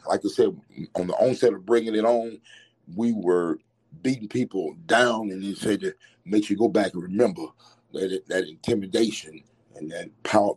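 Low, mellow-voiced man reminiscing. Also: breathy edge. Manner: halting, many restarts, speaks fondly. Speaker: interviewee, son of the former coach. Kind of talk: reflective interview recollection.

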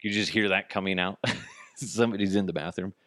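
A man's voice: deep voice, fairly even intonation, a little fast, a bit bright, no room sound, clean studio sound. A man hosting a podcast, in a casual comic monologue full of swearing and jokey asides. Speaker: podcast host.

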